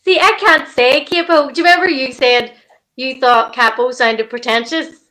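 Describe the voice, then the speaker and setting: A woman's voice: high-pitched, steady tone, moderate pace, pushed and bright. A woman and mother, chatting casually on a live stream and laughing often. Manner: laughs a lot.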